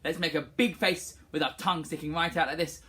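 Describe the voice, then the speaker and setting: A woman music teacher leading a singing assembly for young children, cheerful and encouraging as she calls out warm-ups for them to copy. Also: deep voice, fairly even intonation, fairly quick.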